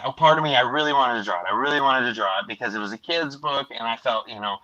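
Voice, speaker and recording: A man hosts a relaxed live stream and chats about his week. He tells his stories with energy and slips into voices when he quotes people. His tone is bright and forward. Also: mid-range voice, quick pace, low-quality recording. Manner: animated storyteller, acts out quotes. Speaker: livestream host. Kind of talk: casual chat.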